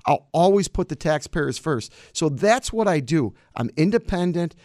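A man's voice: fairly high pitch, expressive, normal speed, a little mellow, no room sound, clean studio sound. A man, a county clerk answering campaign interview questions in an emphatic, combative way.

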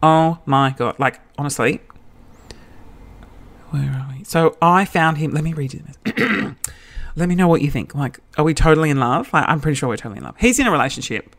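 A man's voice: a little high, lively intonation, a little fast, creaky, a bit bright. A man, telling a story in a chatty, self-mocking podcast monologue. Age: 30s. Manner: chatty and self-mocking, with campy quoted voices. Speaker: podcast host.

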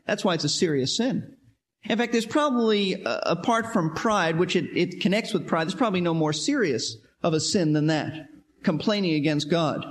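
A man teaching a verse-by-verse sermon, animated, acting out quoted voices and often repeating words as he restarts. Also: sits high, moderate pace. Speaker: Bible teacher. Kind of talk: expository sermon.

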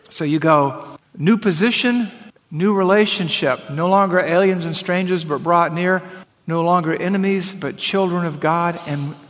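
A man's voice: a little high, fairly bright tone. Man preaching with a hall echo. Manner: emphatic preaching, slows to read scripture aloud. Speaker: pastor. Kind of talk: sermon.

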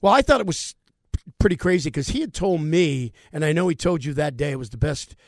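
A man's voice: on the high side, lively intonation, a little fast, dry recording, studio quality. A man in his seventies, a radio guest who asks blunt, teasing questions. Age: 70s. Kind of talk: casual radio talk.

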